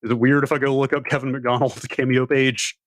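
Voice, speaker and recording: A man hosting a live stream, chatting casually and thinking out loud. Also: mid-range voice, little pitch movement, brisk, no echo, studio quality. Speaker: stream host. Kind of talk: casual chat.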